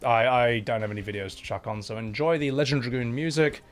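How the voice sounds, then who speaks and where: A man's voice: mid-range voice, steady tone, quick pace, soft background music. A man with a Scottish accent chatting casually on a live stream, blunt and sweary, thanking viewers between rants. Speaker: livestreamer.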